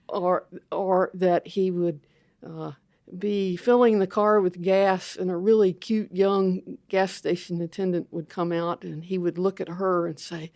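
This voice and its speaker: A woman's voice: lowish voice, a little slow, no room sound. An older woman, a theologian, telling a candid, self-mocking story as an interview guest.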